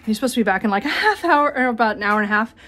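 A woman's voice: fairly high pitch, animated, rapid-fire, a bit bright. Chatty woman filming a home vlog. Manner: chatty, rambling, frequent fillers. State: out of breath. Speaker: vlogger. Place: home bedroom closet.

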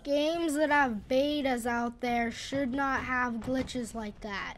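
Brief: young woman game streamer, high voice, unhurried, chatty and self-mocking, faint music underneath. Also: steady tone, slight background noise. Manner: chatty, self-deprecating, sudden loud exclamations. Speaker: gaming channel host. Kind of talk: casual gameplay commentary. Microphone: boom arm studio mic.

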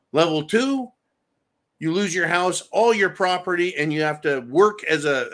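A man's voice: medium pitch, a bit bright. A man hosting a show, ranting angrily about politics and swearing constantly as he reads viewer comments. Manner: angry, crude, swears constantly. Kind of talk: profane political rant.

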